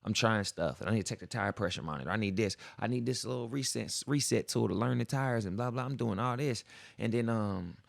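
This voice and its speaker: A man's voice: fairly low pitch, a little fast, gravelly, no room sound, clean studio sound. A young man hosting a podcast, telling a long story in casual slang and acting out what people said. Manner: slangy, animated, acts out quoted voices. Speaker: podcast host.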